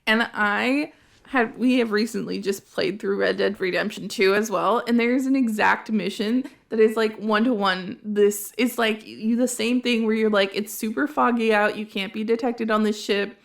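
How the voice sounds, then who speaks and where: A woman's voice: mid-range voice, normal speed, gravelly. A woman hosting a casual podcast, animatedly recounting a video game's plot. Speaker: podcast host.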